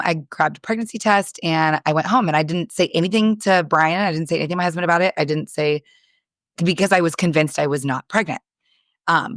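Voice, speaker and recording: A woman's voice: on the low side, no echo, studio quality. A woman in her thirties, a podcast co-host, telling a story in casual chat, candid and swearing freely as she acts out dialogue. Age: 30s.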